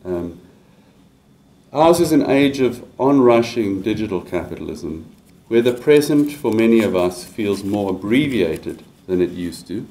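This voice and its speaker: Low, mellow-voiced male lecturer. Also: expressive, rough recording. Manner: measured, with many fillers and restarts. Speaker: university lecturer. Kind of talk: academic lecture.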